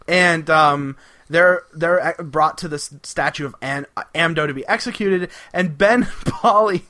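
A man co-hosting a casual podcast, recapping an episode with lots of laughter and acted-out quotes. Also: on the high side. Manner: animated, laughing, acting out quotes. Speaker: podcast co-host.

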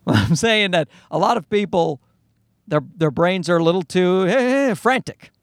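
A man hosting a podcast in a casual, rambling monologue, sarcastic and quick to swear. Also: high-pitched, dry recording, studio quality. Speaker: podcast host.

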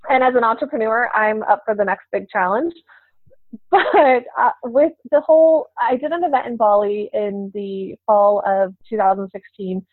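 A woman with a slightly high voice guests on a podcast, chatting at a moderate pace in a casual interview, laughing often and restarting her sentences. The recording is dry and sounds tinny, like a phone line.

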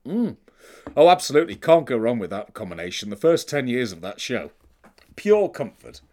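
A man's voice: medium pitch, big pitch swings, moderate pace, mellow. A man in casual chat, giving wry, emphatic opinions with dry humour.

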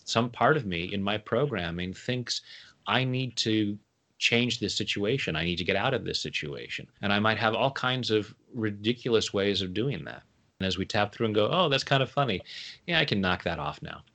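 A man chatting as an interview guest, playful and quick to laugh at his own jokes. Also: lowish voice, fairly bright tone. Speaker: guest, tapping coach. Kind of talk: casual interview chat.

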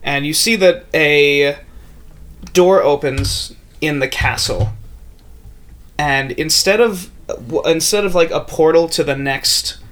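A man narrating as game master in a casual tabletop game, full of fillers and quick asides. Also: on the high side, fairly bright tone. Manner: loose, filler-heavy narration with quick character voices.

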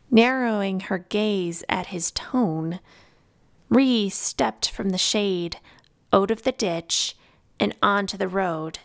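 Slow, measured woman narrator. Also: mid-range voice, gravelly, no echo, clean studio sound. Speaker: audiobook narrator. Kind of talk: scripted narration.

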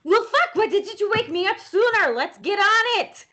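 Woman doing a brash young adventurer, swearing, urgent, higher voice, bright tone. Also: lively intonation, moderate pace, muffled recording, exaggerated voice. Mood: startled, urgent.

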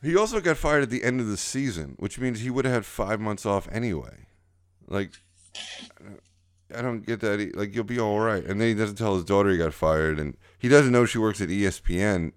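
A man's voice: lowish voice, animated, a little fast, clear, resonant tone, no echo. A man co-hosting a podcast, chatting casually with dry, sarcastic humor. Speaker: podcast co-host. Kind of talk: casual comedic chat.

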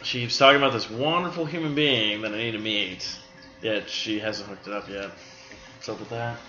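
A man's voice: lowish voice, a little fast, pushed and bright, roomy sound, highs cut off, faint music behind. A man co-hosting a podcast in casual chat, joking and riffing with his co-host. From Australia. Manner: jokey, riffing, puts on silly voices.

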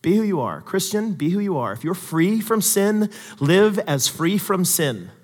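A man with a high voice preaching a sermon in a church hall. He drops to quiet, conversational asides, then climbs to loud, emphatic peaks. A long reverb trails his words. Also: sing-song, a little slow. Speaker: pastor.

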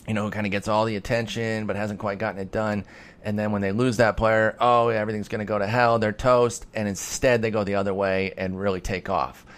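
A man hosting a casual solo podcast, answering listener questions in a rambling, self-deprecating way with bits of mock-heated sarcasm. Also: fairly low pitch.

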